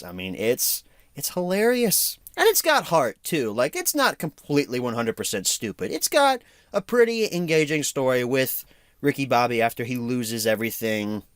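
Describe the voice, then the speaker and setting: Animated young man reviewing a comedy. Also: mid-range voice, clean tone, no echo, clean studio sound. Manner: animated, laughs often, acts out quotes. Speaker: movie reviewer. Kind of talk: casual solo movie review.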